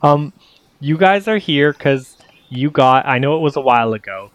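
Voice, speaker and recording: A man's voice: mid-range voice, lively intonation, normal speed. A man narrating as game master, rambling and correcting himself as he explains the scene.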